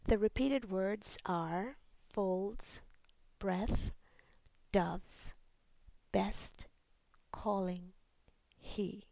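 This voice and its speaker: A woman reads a poem slowly and deliberately, her soft delivery often sinking to a half-whisper. Her voice carries a gravelly fry. The recording is close and dry, with no room sound. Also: medium pitch, dry recording. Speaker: poet. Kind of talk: poetry reading.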